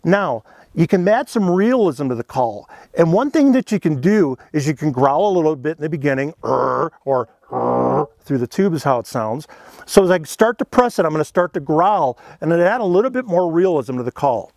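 A man's voice: a little high, very animated, fairly quick, darkish tone, no room sound, clean studio sound. A man giving a casual, folksy lesson on elk calling, talking in an easygoing, conversational way. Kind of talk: instructional demonstration.

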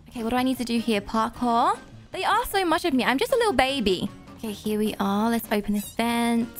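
High, lively young woman gamer. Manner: animated, gasping and squealing at surprises. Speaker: gaming video creator. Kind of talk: playing an obby game and narrating. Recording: faint background game music.

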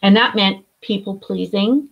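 A middle-aged woman, a guest author in recovery, telling her story candidly, blunt and animated, swearing freely. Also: medium pitch, unhurried, vocal fry, highs cut off.

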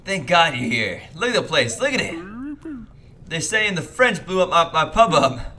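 A man's voice: on the high side, big pitch swings, moderate pace, sharp tone, pitched above the performer's own voice. A man voicing a middle-aged pub landlord in a video game, paranoid and blustering, ranting about conspiracies and swearing. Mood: indignant.

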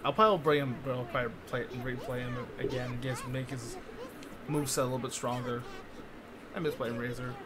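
A man's voice: mid-range voice, steady tone, a little fast, over loud music. A man talking casually during a gaming stream, offhand and laughing now and then. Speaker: streamer in a replayed clip.

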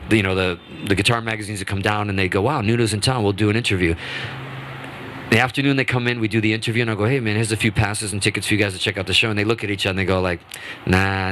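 A lower-pitched man in his fifties, telling stories as a guest in a radio studio. He is lively, restarts his sentences a lot, and acts out what others said. Faint noise sits behind his voice. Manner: animated, restarts often, acts out quotes. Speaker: guest musician. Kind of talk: casual interview storytelling.

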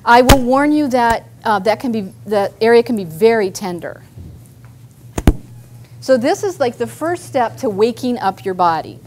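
A woman's voice: on the high side, lively intonation, measured pace, slight background noise. Chatty woman leading a workshop. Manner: chatty, guiding the group through movements. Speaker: workshop presenter, therapist. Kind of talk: live workshop instruction. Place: meeting room with a group.

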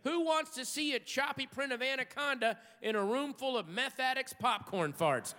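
A man doing a stand-up comedy routine on a theater stage, telling stories with sudden shouted outbursts. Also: very high-pitched, lively intonation, moderate pace, few pauses, slight background noise. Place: large theater stage with live audience. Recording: live hall recording with crowd.

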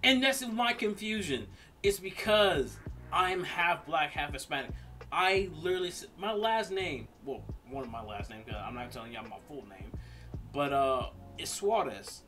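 A man's voice: fairly high pitch, animated, moderate pace, pushed and bright, soft background music. A man hosting a reaction video in a casual, chatty way, laughing often. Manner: laughing, casual, uses filler words.

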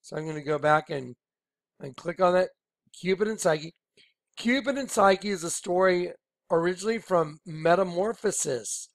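A man leading an informal screen-share Bible study, excited and rambling, often telling listeners to watch. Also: high voice, moderate pace, no room sound, clean studio sound. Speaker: Bible teacher.

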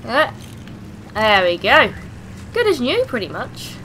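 A woman's voice: a little high, wildly swooping pitch, slow, bright, forceful tone, a little hiss or hum. A young woman with a cough, giving hyper, swear-filled commentary on a game she plays. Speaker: gaming channel host. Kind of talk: let's play commentary.

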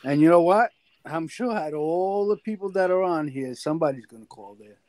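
Blunt, higher-voiced man cursing casually. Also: lively intonation, a little fast, darkish tone, no room sound. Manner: blunt, profane, stammering repeats. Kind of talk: casual live-stream chat.

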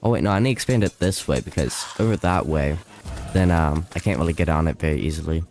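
A man's voice: a bass voice, fast, darkish tone. A man streaming a video game live, chatting loosely with viewers, often panicking and laughing. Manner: panicky, laughing, rambling to chat.

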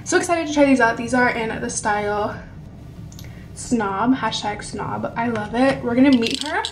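A young woman vlogging with excitement, gushing over gifts with many exclamations. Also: a little high, moderate pace, slight background noise. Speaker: beauty vlogger. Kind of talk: excited vlog unboxing.

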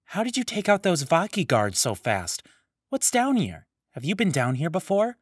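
A man's voice: very animated, slightly rough, no echo, studio quality. A man voicing a small, nervous young male villager who chatters and fires off worried questions in a raised voice. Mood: anxious curious. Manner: high-strung, rapid worried questions.

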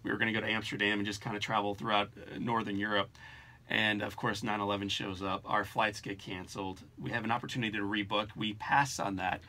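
Bright, lowish-voiced male podcast host. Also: flat delivery, fast talker. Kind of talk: interview conversation.

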